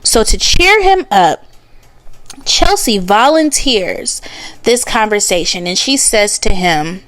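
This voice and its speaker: A woman hosting a podcast, giving blunt, sassy, animated pop-culture commentary. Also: mid-range voice, slow, dry recording. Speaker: podcast host.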